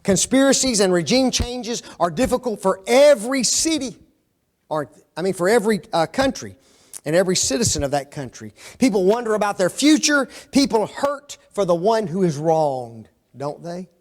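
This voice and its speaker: A preacher with a high voice teaches a Bible class, firing questions at the group and repeating their answers back to them. His delivery is sing-song and darkish at a normal pace, and he keeps tacking "okay?" and "don't they?" onto his lines in this interactive sermon.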